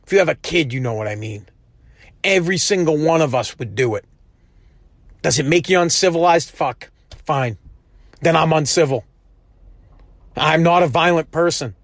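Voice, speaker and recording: A man's voice: fairly high pitch, moderate pace, pauses often, no room sound. A man in his thirties from the United States, delivering a heated, profane, emphatic monologue with frequent restarts. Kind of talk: impassioned monologue.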